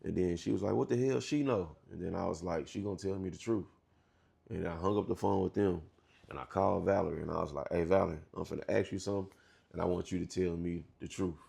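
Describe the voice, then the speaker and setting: Man, thirties, halting candid storytelling, slangy, gravelly rasp. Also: deep voice, fairly even intonation, mellow. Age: 30s. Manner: halting, restarts often, slangy and profane. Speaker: interview guest.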